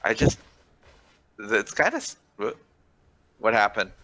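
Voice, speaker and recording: A playful man chatting through a game with a friend, joking as they go. His voice sits low for a man yet sounds bright and forward. His talk is loose and easygoing. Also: wildly swooping pitch, slow pace, poor audio. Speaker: co-player, guest. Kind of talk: casual gaming chat.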